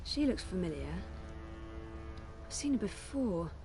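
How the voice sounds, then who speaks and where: A woman's voice: lowish voice, very animated, measured pace, mellow. A woman voicing a young video game heroine who talks in a dry, offhand, curious way. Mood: puzzled. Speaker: game protagonist. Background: game music.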